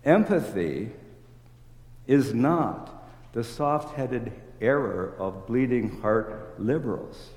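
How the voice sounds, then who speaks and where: A man's voice: medium pitch, darkish tone. Man preaching in an echoey church. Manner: measured, emphatic reading of scripture. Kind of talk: sermon. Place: church sanctuary. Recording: echoey hall, long reverb.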